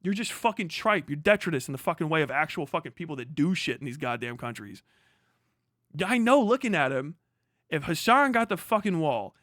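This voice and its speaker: A man's voice: a little high, very animated, fairly quick, fairly bright tone, no room sound, studio quality. A young man live-streaming, swearing heavily in a heated, mocking rant. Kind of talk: profane ranting commentary on a live stream.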